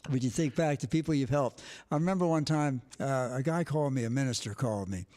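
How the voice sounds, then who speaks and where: A man's voice: mid-range voice, quick pace, darkish tone. An older man, a retired sports director and guest, telling stories in a blunt, emphatic, outspoken way. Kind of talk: casual storytelling.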